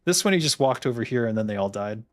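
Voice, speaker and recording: A man's voice: mid-range voice, animated, fast talker. A man chatting casually as he plays through a game, laughing often and poking fun at himself. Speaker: game designer streamer. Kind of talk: casual gameplay commentary.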